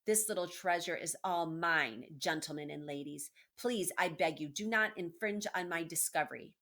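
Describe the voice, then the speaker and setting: A woman's voice: very high voice, wildly swooping pitch, unhurried, fairly bright tone, voice pushed up, full character voice. A woman voicing a gleeful, menacing male rat in a storybook read-aloud, taunting and sing-song. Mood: gloating.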